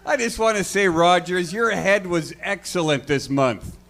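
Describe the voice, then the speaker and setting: Stand-up guy with a high bright voice, dry crude jokes, deadpan delivery. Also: measured pace. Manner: wry, deadpan storytelling with crude punchlines. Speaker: guest comedian. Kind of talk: stand-up routine. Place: comedy show stage before a live crowd.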